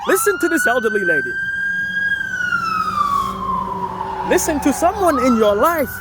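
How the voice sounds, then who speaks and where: A man putting on the voice of an irate elderly woman who cusses and rants in high, shrieking bursts. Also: very animated, moderate pace, heavy background noise. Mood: furious.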